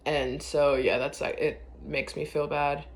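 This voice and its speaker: A woman with a deep voice speaks in an unhurried, level tone for a casual confessional vlog. She rambles hesitantly with many fillers and often trails off quietly.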